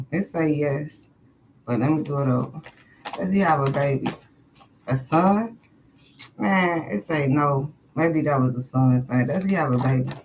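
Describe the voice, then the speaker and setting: A woman's voice: rumbling low, noisy background. A woman doing a casual live tarot reading, talking bluntly to her viewers with lots of swearing and frequent laughter. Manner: profane, blunt and chatty with viewers; laughs often between questions. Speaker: tarot card reader. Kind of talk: casual live-stream chat.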